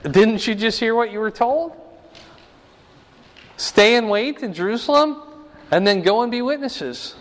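A man teaching a Bible lesson verse by verse, explaining slowly and checking in with "right?" and "okay?". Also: high-pitched, a bit bright, long reverb tail.

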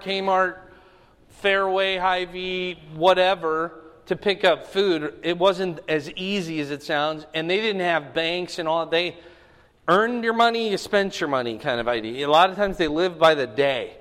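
High-pitched guy preaching slow, lifts his voice on scripture, talks plain in between, long hall echo. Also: a bit bright, clear, resonant tone. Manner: reads scripture with rising emphasis, then explains casually; asks the audience rhetorical questions. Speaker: pastor. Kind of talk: sermon.

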